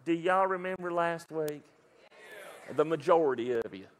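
Pastor guy w/ a twang, high voice, goofy asides mid sermon. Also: moderate pace. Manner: lively storytelling with playful asides and put-on voices.

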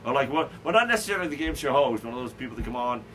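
A man's voice: mid-range voice, big pitch swings, racing, a bit bright, a little hiss or hum, rough recording. A man hosting a casual talk show, rambling with lots of stammered restarts and fillers. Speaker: podcast host. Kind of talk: casual chat.

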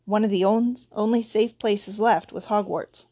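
Woman reader doing Hagrid: huge gruff gamekeeper, dropped endings, storybook voice. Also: medium pitch, steady tone, unhurried, mellow, no room sound, studio quality, lightly acted. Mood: anxious. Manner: rough dialect, dropped endings. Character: huge gruff male gamekeeper, big-hearted.

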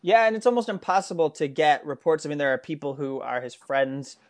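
A man's voice: fairly high pitch, fairly quick. A man co-hosting a casual political discussion, talking earnestly and rambling with frequent restarts. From United States. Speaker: political commentary co-host.

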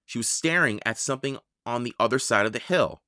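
A storyteller slowly and expressively narrating a children's audiobook. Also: medium pitch, lively intonation, pushed and bright, no room sound, clean studio sound. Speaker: audiobook reader.

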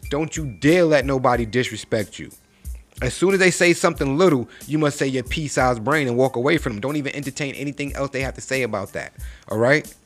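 Animated man ranting in street slang. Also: mid-range voice. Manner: animated, preachy, street slang, rhetorical questions. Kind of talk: casual motivational rant to camera.

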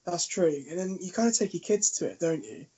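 A man's voice: high-pitched, a little fast, slightly rough. A man in casual podcast chat, swearing freely and laughing as he tells stories. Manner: swears freely, laughs a lot, animated storytelling. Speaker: podcast co-host. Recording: dull lo-fi sound.

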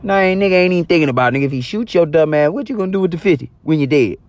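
Young guy telling a wild story, lots of cussing and slang, voice a little on the high side. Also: rapid-fire, no room sound. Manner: profane, animated, slangy. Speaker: storyteller vlogger. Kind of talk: casual spoken storytelling.

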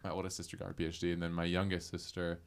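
A young man co-hosting a podcast in casual chat, easygoing and quick to laugh. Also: low voice, completely flat delivery, creaky, clear, resonant tone. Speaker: podcast co-host.

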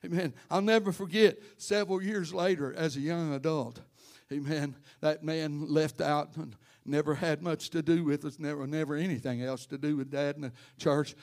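A man's voice: on the high side, steady tone, moderate pace. Man preaching a fervent sermon. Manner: storytelling that builds to loud fervent preaching; addresses congregation members by name. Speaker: pastor. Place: church.

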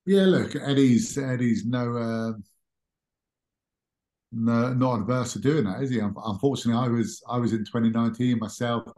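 A man's voice: medium pitch, normal speed. Man in his thirties, easygoing podcast guest, mid-range voice, some room echo. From England. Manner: relaxed storytelling with frequent restarts and fillers. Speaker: podcast guest, former rugby captain. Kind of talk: casual interview chat. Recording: roomy echo.

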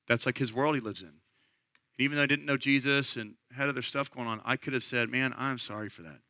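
A man's voice: mid-range voice, fairly even intonation, quick pace, pushed and bright, no echo, studio quality. A man in his thirties, a pastor giving an earnest, conversational sermon. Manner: earnest, conversational preaching that rises to impassioned.

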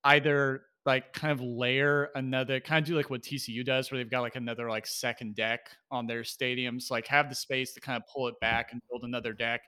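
A man co-hosting a podcast, chatting loosely with lots of filler words and quick laughs. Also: medium pitch, little pitch movement, sharp tone, clean tone. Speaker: podcast co-host. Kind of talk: casual chat.

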